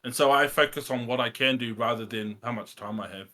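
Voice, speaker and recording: A man's voice: medium pitch, fairly quick, sharp tone. A man, a music producer, talking casually and modestly about his process, hesitating with lots of fillers. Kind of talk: casual chat.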